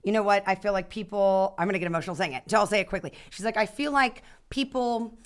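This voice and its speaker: A woman in her thirties, a guest actor telling stories in a casual podcast chat, animated and full of restarts. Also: mid-range voice, rapid-fire. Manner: animated storyteller, many restarts and fillers.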